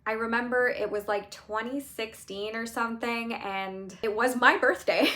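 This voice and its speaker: A woman's voice: on the high side, fairly even intonation, a little slow, bright, forceful tone. Woman in her thirties, life coach, casual storytelling, wry, lots of fillers. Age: 30s. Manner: candid, chatty, heavy on "like" fillers; wry, laughs through painful memories.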